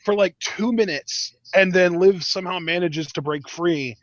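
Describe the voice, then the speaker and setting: A man's voice: high-pitched, normal speed, dry recording. A man co-hosting a casual wrestling review podcast, giving emphatic, opinionated takes with frequent restarts. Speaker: podcast co-host. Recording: dull lo-fi dry podcast audio.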